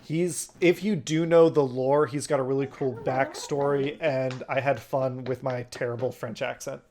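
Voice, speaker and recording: A man's voice: medium pitch, fairly even intonation, normal speed, a little mellow. A man hosting a group chat as dungeon master, reading out listener questions and rambling through his answers. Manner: rambling, restarts, reads out questions.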